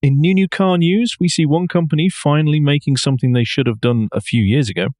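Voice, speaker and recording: A man's voice: a little high, fast, a little mellow, no echo. A man co-hosting a podcast, chatting about car news with dry, wry remarks. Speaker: podcast co-host.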